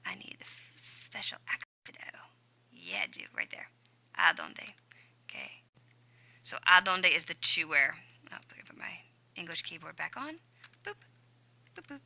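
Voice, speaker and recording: A chatty woman walks students through a recorded grammar lesson, upbeat and talking to herself as she types. Her voice is bright and forceful, sitting a little low for a woman. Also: very animated, normal speed, pauses often. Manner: upbeat, chatty, talks to herself while typing. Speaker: Spanish teacher.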